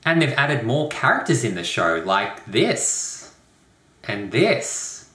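A young man hosting a comedic rant video, talking with sarcastic, deadpan asides. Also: medium pitch, takes it slowly. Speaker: YouTube host. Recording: roomy echo.

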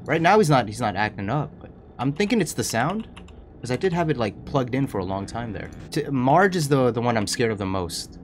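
Excitable, panicky young gaming streamer. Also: male voice, mid-range voice, a little fast, slight background noise. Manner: excitable, panicky running chatter to viewers. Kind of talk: horror game let's play commentary.

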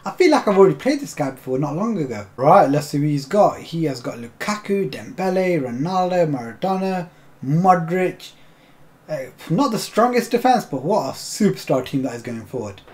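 A young man commentating his own football video game match, swearing often and bursting into shouts at the game. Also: fairly high pitch, big pitch swings, normal speed. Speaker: gaming YouTuber. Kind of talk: live gameplay commentary.

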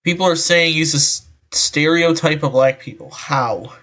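An online commentator reads an article aloud through a voice changer, breaking in with exasperated, rambling remarks and frequent sighs. His voice is a little high and fairly bright, at a normal speed.

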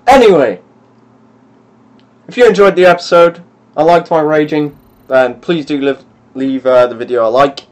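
A man's voice: on the high side, animated, normal speed. A young man giving gameplay commentary, muttering to himself and swearing at the game. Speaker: gaming YouTuber.

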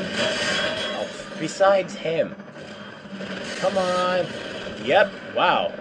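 A man's voice: a little high, very animated, unhurried, long pauses, heavy background noise. A man giving let's play commentary, swearing and complaining with jumpy outbursts. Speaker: gamer.

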